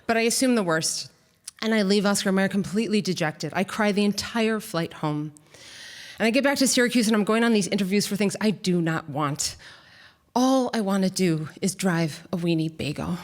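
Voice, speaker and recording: A woman telling a comic, animated story live on a theater stage. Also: mid-range voice, normal speed. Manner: comic and animated, acts out quotes. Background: audience.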